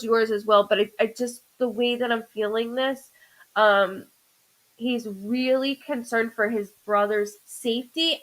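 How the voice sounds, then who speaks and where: A woman hosting a live-streamed psychic reading. She speaks haltingly, often saying "hold on," breaking off and restarting as she relays impressions. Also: on the high side, fairly bright tone, low-quality recording. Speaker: psychic medium host.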